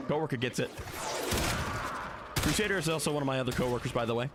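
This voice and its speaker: A man's voice: fairly high pitch, animated, a little fast, long pauses, background noise. A man streaming a game, chatting casually with viewers in a joking, profane, offhand way. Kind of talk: casual live-stream chat.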